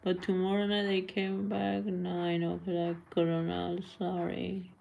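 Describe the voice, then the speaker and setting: Slow, gravelly-voiced woman streamer. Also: fairly low pitch, monotone, a little mellow, a little hiss or hum. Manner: blunt, scolding, switches between languages; answers viewer comments aloud. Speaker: live streamer. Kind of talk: casual live-stream chat with viewers.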